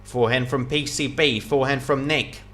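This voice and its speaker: A man with a medium-pitched voice provides live play-by-play tennis commentary. He calls each shot quickly, grows excited at big points and repeats his praise.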